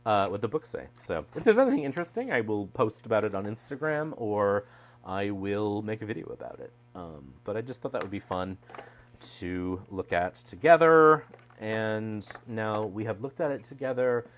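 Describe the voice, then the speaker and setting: Chatty wry man with a low voice. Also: big pitch swings, moderate pace. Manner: chatty, wry asides, trails off mid-thought. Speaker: tarot deck reviewer. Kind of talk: casual unboxing chat. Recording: mains hum underneath.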